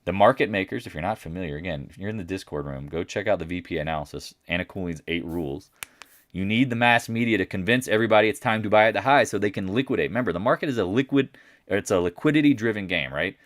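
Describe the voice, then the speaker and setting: A man doing a live market chat, blunt and brash, swinging between loud remarks and muttered asides, and mocking other people in a higher voice when he quotes them. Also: fast talker, no room sound, studio quality. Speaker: market commentator.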